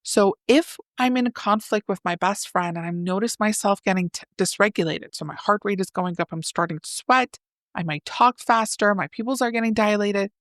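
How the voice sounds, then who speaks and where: A woman psychotherapist, a podcast guest, explaining relationship ideas in a lively way and acting out example lines. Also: lowish voice, moderate pace, no room sound, clean studio sound. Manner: animated, acts out example dialogues. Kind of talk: explanatory interview talk.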